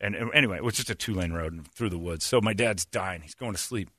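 A man's voice: deep voice, quick pace, breathy edge, no echo, clean studio sound. A man hosting a casual chat, telling road-trip stories with lots of laughter and acted-out voices. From West Virginia. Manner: animated storyteller, laughs often, acts out voices. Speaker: podcast host.

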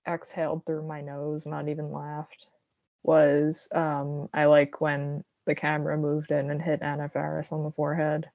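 Podcast co-host, young woman, low fry-laced voice, dry close sound, dull lo-fi audio. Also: normal speed, no room sound. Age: young adult. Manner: relaxed, lots of "like" and "um". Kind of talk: casual chat.

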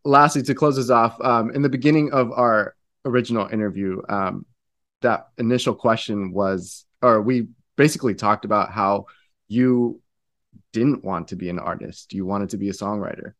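A man's voice: fairly low pitch, steady tone, moderate pace, a bit bright, no room sound. A man interviewing a musician, asking questions casually with loose, filler-heavy phrasing.

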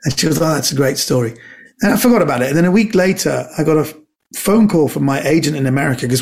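A man, a comedian and actor, telling animated anecdotes as a podcast guest, often repeating words. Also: a little high, fast, vocal fry. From Britain. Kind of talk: casual storytelling chat.

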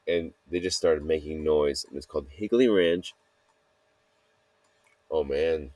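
Male solo podcast host: deep, unhurried, halting and self-critical, in a dry room. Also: no room sound. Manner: halting, full of fillers and restarts, self-critical. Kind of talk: rambling solo podcast monologue.

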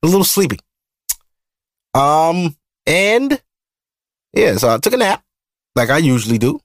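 Very animated yet unhurried, a man in his thirties with a high-leaning voice and Brooklyn accent hosts a podcast. He comes from Brooklyn, New York, and tells loose, profane, rambling stories. The studio mic delivers clean, echo-free sound.

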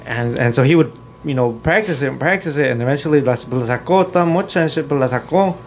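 A man's voice: a little high, fast, slight background noise. A man in his twenties telling laid-back stories in a casual chat, mixing in Spanish and swearing freely. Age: 20s. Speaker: guest musician.

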